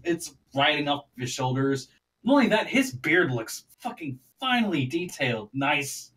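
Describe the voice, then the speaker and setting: A man's voice: fairly high pitch, fairly bright tone, poor audio. A man narrating as game master of a tabletop game, loose and profane, laughing often.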